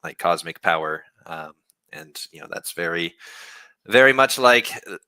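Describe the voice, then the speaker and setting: A man from a game studio explaining a new feature on a livestream Q&A, relaxed, with many fillers and restarts. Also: sits low, moderate pace, clear, resonant tone, no room sound. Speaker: game developer.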